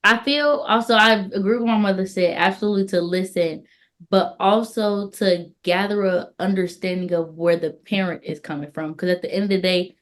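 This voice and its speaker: A woman's voice: mid-range voice, steady tone, moderate pace. A young woman guest, a daughter, speaking earnestly and reflectively in a casual interview. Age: young adult.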